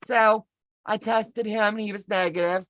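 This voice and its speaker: A woman's voice: medium pitch, steady tone, moderate pace, fairly bright tone, no echo. A woman telling a rambling personal story in casual chat over a video call from home, chatty and folksy with self-deprecating humor. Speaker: co-host of a sewing pattern walk-through.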